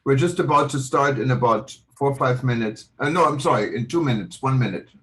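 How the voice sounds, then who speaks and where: A man hosts a live online event and reads out sign-up announcements. He fumbles a little and apologizes along the way, in an ordinary mid-pitched voice. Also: fairly quick, a bit bright. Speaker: host. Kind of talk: live webinar hosting.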